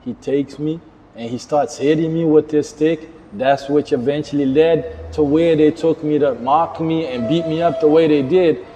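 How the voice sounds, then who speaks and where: A middle-aged man from Verde, a Creole speaker, giving an earnest personal testimony as an interview guest in halting, repetitive phrasing. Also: on the high side, fairly even intonation, warm tone, dull audio, slight background noise. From Cape Verde. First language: Cape Verdean Creole. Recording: long reverb.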